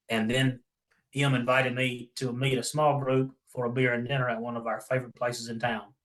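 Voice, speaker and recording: A man's voice: medium pitch, fairly bright tone, rough recording. A man who survived a stroke, reading his own story aloud in an earnest, grateful way. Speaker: stroke survivor, podcast guest.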